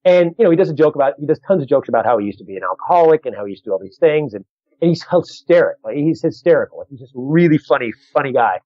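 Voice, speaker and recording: Rambling comedian on a dull video call. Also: male voice, fairly high pitch, racing, no echo. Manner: rambling, animated, restarts often, acts out quoted exchanges. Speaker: comedian guest. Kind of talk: casual podcast interview storytelling.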